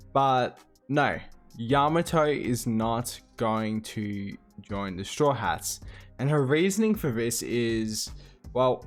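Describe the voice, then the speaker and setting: A man talks through a manga chapter in an easygoing monologue, his voice sitting at an ordinary middle pitch. He recaps scene by scene with plenty of fillers and quick quotes. Soft music runs faintly underneath. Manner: loose recap with fillers, quoting characters in passing. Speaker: manga reviewer. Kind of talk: casual chapter review monologue.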